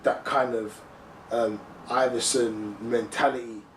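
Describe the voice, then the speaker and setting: A man's voice: medium pitch, steady tone, a little slow, a little hiss or hum. A man hosting a casual sports chat, chatty and filling his talk with "you know what I mean". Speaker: podcast host. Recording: echoey room, mic at a distance.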